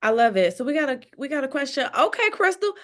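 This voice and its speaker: A woman's voice: high-pitched, very animated, fast, fairly bright tone. A woman host chatting playfully over a video call, hyping up her audience and reading out their questions. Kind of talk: casual chat.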